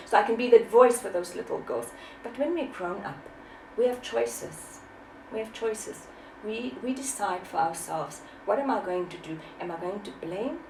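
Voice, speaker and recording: A woman's voice: lowish voice, a little mellow, echoey room, recorded from a distance, a little hiss or hum, rough recording. A woman in her forties, from South Africa, speaking as an author in an interview, impassioned and preachy, often repeating her words. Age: 40s. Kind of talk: emotional testimony.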